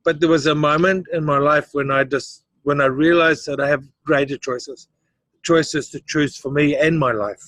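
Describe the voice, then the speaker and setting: A man's voice: on the high side, steady tone, moderate pace, a bit bright, dry recording. A middle-aged man, a guest in a casual interview, telling his life story with animation, acting out the voices of others and laughing often.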